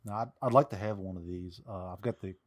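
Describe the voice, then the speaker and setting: A man's voice: sits low, fast. A man co-hosting a podcast in casual chat, a Civil War reenactor who jokes around and explains old gear step by step.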